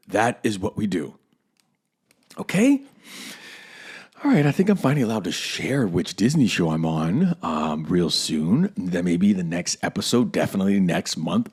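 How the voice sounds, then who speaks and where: A man with a fairly low voice speaks straight to his listeners as an acting coach hosting his own podcast. His tone is earnest and conversational, and he repeats key phrases to hammer them home. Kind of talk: casual podcast monologue.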